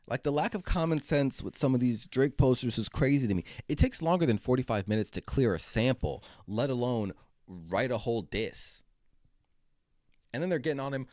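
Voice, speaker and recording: A man's voice: mid-range voice, very animated, moderate pace, a little mellow, no echo, studio quality. A man hosting a commentary video, talking bluntly and sarcastically. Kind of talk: opinionated commentary.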